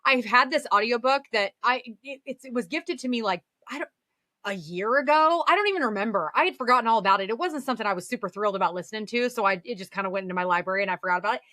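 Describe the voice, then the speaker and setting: A woman co-host with a slightly high, very bright voice, recorded dry and close. She chats casually, laughs often and tosses in playful asides. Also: very fast, dry recording. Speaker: podcast co-host. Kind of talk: casual chat.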